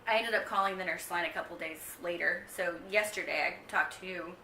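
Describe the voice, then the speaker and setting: A woman's voice: lowish voice, normal speed, sharp tone, far from the mic, slight background noise. A young woman vlogging a casual pregnancy update to camera, chatty and rambling with lots of ums. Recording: echoey room, mic set back.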